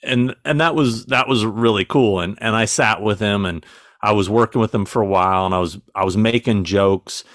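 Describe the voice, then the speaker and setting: A man's voice: on the low side, normal speed, fairly bright tone, dry recording. A man with a dry, sarcastic sense of humor, telling stories as a guest in a casual podcast interview.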